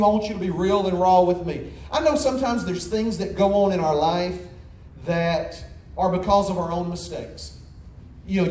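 A man's voice: sits high, a little mellow. A man preaching a sermon, telling a folksy story with lots of repeated words and restarts, then appealing to his congregation. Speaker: pastor. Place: large church hall. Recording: echoey hall, faint ambience.

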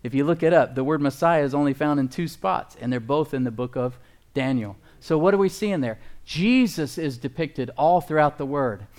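A man's voice: on the high side, lively intonation, moderate pace, darkish tone. A male pastor preaching a sermon in an emphatic way, often calling out to his congregation for an amen.

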